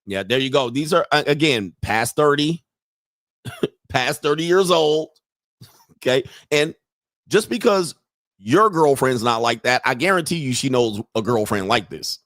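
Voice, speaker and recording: A man's voice: mid-range voice, animated, unhurried, fairly bright tone, dry recording, clean studio sound. A man hosting a reaction commentary, brash and mocking, with loose slang. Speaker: commentary host.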